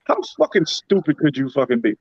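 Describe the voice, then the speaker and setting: A man's voice: medium pitch, very animated, fairly quick, husky, dry recording, dull audio. A young man co-hosting a podcast, venting bluntly about a TV episode and swearing heavily. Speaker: podcast co-host. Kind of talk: casual chat.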